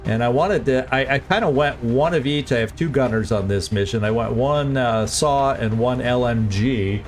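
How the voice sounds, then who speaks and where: A male game streamer chats through his let's-play in a mid-pitched voice, laughing often and poking fun at himself. Soft music plays behind him. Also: moderate pace. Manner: chatty, laughs often, self-deprecating. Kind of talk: casual let's-play commentary.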